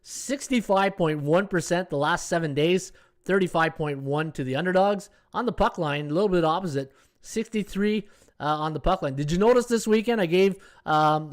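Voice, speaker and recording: A man in his fifties hosts a sports betting live stream with a fairly high voice for a man. He talks in a loose, chatty way and keeps checking in with his listeners. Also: moderate pace. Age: 50s. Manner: chatty, tags lines with "right?". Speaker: sports betting podcast host. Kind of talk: casual live-stream commentary.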